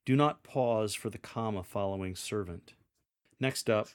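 A man giving measured, deliberate instructions on how to read scripture aloud to a congregation. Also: on the low side. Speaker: lector coach. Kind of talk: instructional coaching on scripture reading.

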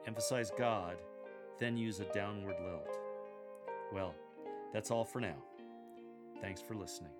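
A man coaching church lectors, explaining and demonstrating how to read a scripture passage in a measured, explanatory way. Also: on the low side. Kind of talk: instructional coaching on scripture reading.

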